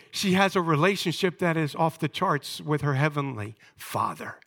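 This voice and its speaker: A man's voice: on the high side, animated, normal speed, hardly any pauses, fairly bright tone. A pastor giving an earnest, emotional sermon and speaking directly to his congregation.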